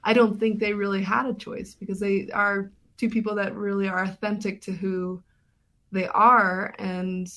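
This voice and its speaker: A woman's voice: mid-range voice, little pitch movement, moderate pace, a bit bright. A woman documentary filmmaker being interviewed on radio, talking thoughtfully with many fillers and restarts.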